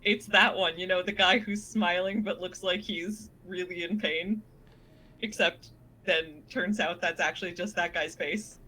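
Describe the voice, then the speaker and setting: A woman's voice: on the low side, fairly even intonation, a little slow, sharp tone, slight background noise, low-quality recording. A woman co-streaming a game, chatting casually and joking about the story. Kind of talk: casual chat.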